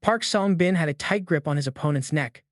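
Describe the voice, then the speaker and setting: A man's voice: a little high, brisk, no echo, studio quality. A man reading a recap story in a plain, scripted narration voice, playing every character the same way.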